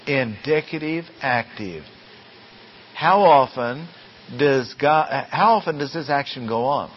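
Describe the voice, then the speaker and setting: A man lectures slowly and deliberately on Greek grammar, pausing to ask his class rhetorical questions. His voice sits in an ordinary middle register. The recording is dull and lo-fi, with a faint hiss underneath. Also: fairly high pitch, animated. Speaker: Greek Bible teacher.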